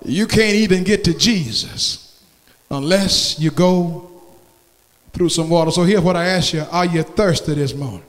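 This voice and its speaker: A man preaching a sermon, calling out to the congregation and swinging from shouts down to hushed tones. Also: fairly high pitch, unhurried. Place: church sanctuary. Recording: church hall reverb.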